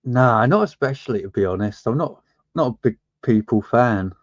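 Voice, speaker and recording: A British man chatting on a live voice call, wry and relaxed, often stumbling over his first words. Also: medium pitch, normal speed, no room sound. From Britain. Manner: wry, relaxed, stammers on starts. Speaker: panel guest. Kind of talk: casual banter. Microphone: online voice chat. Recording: slightly dull lo-fi voice-chat mic.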